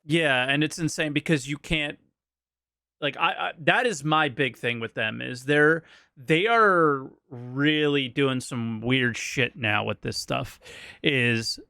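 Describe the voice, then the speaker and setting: A man's voice: medium pitch, slow, vocal fry, bright, forceful tone, dry recording, studio quality. A man hosting a casual podcast chat, blunt, exasperated and swearing freely. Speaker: podcast host.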